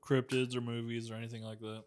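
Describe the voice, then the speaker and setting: A man co-hosting a podcast, chiming in with short crude jokes and quick agreement. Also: medium pitch, flat delivery. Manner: joking, short crude interjections. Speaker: podcast co-host. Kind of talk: crude casual chat.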